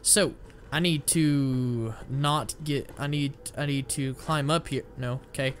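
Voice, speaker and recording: A man's voice: mid-range voice, steady tone, takes it slowly, slight background noise. A young man casually commenting as he plays a video game, rambling, joking at his own expense and blurting out his frustration. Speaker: gamer playing through a shooter. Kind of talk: casual let's-play commentary. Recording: game music playing behind.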